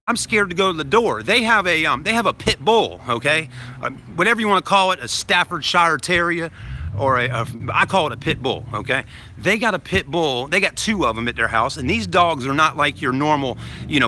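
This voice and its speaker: Bright-voiced dad rambling into phone. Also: male voice, on the high side, slight background noise. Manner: rambling, keeps adding "okay?". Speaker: vlogging dad. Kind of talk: casual storytelling to camera. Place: outdoors outside a grocery store. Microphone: phone held to self.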